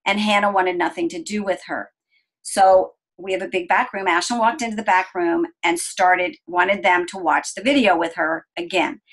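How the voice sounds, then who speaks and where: A middle-aged woman telling an interviewer a personal family story in an earnest, gentle way, slowing down at the calm moments. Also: on the low side, low-quality recording. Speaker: interview guest.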